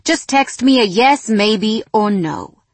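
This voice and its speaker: A woman's voice: medium pitch, expressive, slow pace, no room sound. Brief: curt, sarcastic young athlete, dry close read, woman narrator voicing him. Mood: sullen. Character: sullen young male football star, defensive.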